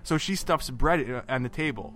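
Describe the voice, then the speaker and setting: Man, podcast co-host, animated storyteller who acts out the dialogue, with faint music underneath. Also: medium pitch, moderate pace. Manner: animated storyteller, acts out quotes, many fillers and restarts.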